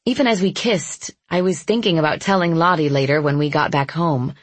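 Husky low woman reading a novel aloud in first person, steady even delivery, dry close mic. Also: a little fast, no echo. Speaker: audiobook narrator.

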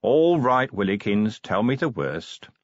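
A man voicing a gruff, weary middle-aged police commander who talks bluntly and grumpily in an audiobook. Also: fairly low pitch, sing-song, unhurried, dry recording, dull audio, pitched above the performer's own voice. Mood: grumpy.

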